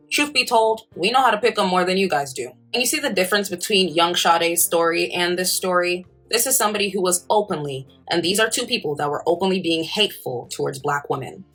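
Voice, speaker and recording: A woman speaking her mind bluntly, handing down her verdict in a scolding tone. Her voice sits low for a woman. Light music plays behind her. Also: brisk, fairly bright tone, breathy edge. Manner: blunt, scolding, matter-of-fact. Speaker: social media commentator. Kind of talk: opinion commentary video.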